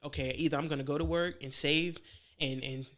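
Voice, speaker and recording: A man's voice: fairly high pitch, steady tone, fairly quick, a bit bright. A man speaking as a guest, telling a personal story in casual testimony on a church livestream and often checking in with his listeners.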